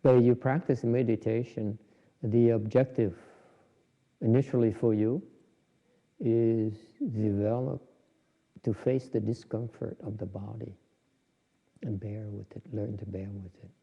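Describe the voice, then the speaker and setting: A man's voice: lowish voice, steady tone, measured pace, creaky, long pauses. A man giving an informal, joking dharma talk on meditation, with many restarts. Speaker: Buddhist meditation teacher. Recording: dull lo-fi recording in a reverberant hall.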